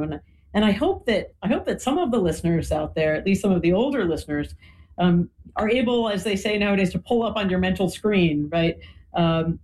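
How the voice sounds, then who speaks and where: A woman's voice: on the low side, darkish tone, poor audio. A woman explaining history in a conversational talk, often adding "you know" and "right?". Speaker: guest speaker.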